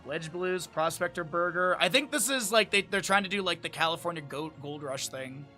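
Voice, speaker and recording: A man's voice: a little high, moderate pace, pushed and bright, soft background music. A man streaming, chatting casually with his chat, laughing often and reading aloud from a menu. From Lake Tahoe area, United States.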